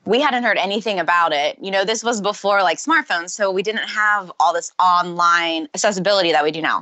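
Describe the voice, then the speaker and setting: A woman telling personal stories as a guest in a casual interview, lively and often laughing. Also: mid-range voice, dry recording, lo-fi sound.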